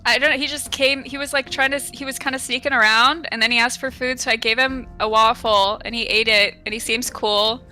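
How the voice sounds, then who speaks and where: Bright, upbeat woman player. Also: a little high, fairly even intonation, a little fast, few pauses, faint music behind. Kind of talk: tabletop game role-play.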